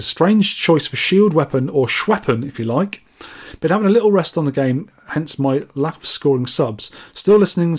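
A man co-hosts a relaxed podcast, reading out listener comments with dry, teasing asides. His voice sits a touch high for a man, and his delivery stays wry and matter-of-fact. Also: husky. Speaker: podcast co-host.

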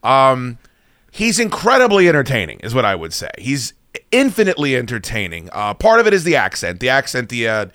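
Male podcast host, bright and forceful, opinionated and profane, casual chat. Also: mid-range voice, wildly swooping pitch, brisk, no echo, clean studio sound. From United States.

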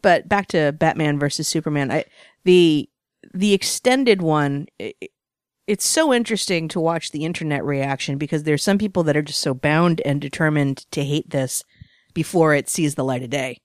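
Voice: mid-range voice, moderate pace, no echo, clean studio sound. A podcast co-host chatting casually and swearing now and then.

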